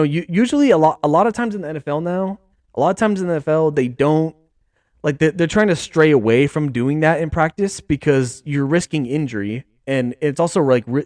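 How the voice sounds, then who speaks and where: A young man hosting a casual sports podcast, rambling excitedly with lots of fillers. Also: on the high side, no echo, clean studio sound. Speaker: podcast host.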